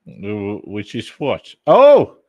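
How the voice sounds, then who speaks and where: A man's voice: on the low side, a little slow, dry recording, lo-fi sound. A man chatting casually on a live stream, rambling and joking to himself while he works, with frequent chuckles. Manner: rambling and jokey, talking to himself while clicking around; chuckles often between remarks. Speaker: livestreamer.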